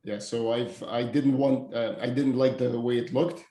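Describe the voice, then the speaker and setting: A man's voice: mid-range voice, steady tone, normal speed, dark tone, echoey room. A man co-running an app project, chatting casually with jokes and stammered restarts. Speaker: app co-founder. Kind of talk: casual work chat.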